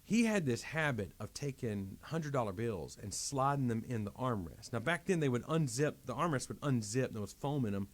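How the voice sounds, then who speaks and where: A man, a pastor guest on a podcast, telling a personal story in an animated, emphatic way that repeats and restarts phrases. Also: mid-range voice, normal speed, few pauses. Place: podcast studio.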